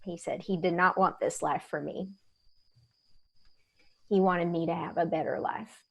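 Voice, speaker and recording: A woman's voice: fairly low pitch, steady tone, creaky. A weary young tow truck driver, played by a woman who talks in a wry, confiding way. She is worn down but still spirited. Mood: reminiscing. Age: young adult. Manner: wry, confiding, quick to laugh. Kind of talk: audio drama acting.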